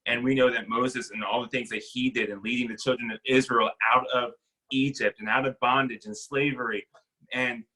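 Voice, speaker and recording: A young adult man giving a casual, conversational sermon as a pastor, acting out quick bits of dialogue. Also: mid-range voice, pushed and bright, poor audio.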